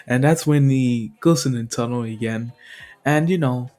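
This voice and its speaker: A man's voice: mid-range voice, normal speed, darkish tone. A man casually retelling a fan story, rambling with many fillers and chuckles. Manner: rambling, full of fillers and laughs.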